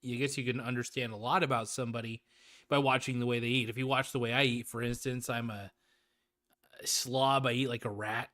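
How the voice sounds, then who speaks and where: A man in the middle of his range for pitch, chatting loosely as a livestream movie reviewer. He rambles, restarts his sentences and swears casually, laughing often between thoughts. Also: fairly even intonation, fairly quick, a bit bright. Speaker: host.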